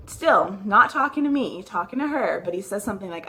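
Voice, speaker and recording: A woman's voice: medium pitch, animated, a little fast, few pauses, a bit bright, slight background noise. A woman vlogging, telling a personal story to the camera in a casual, rambling way, full of "like" and restarted sentences. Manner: chatty, fills with "like", restarts sentences. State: recounting a nervous, upsetting visit.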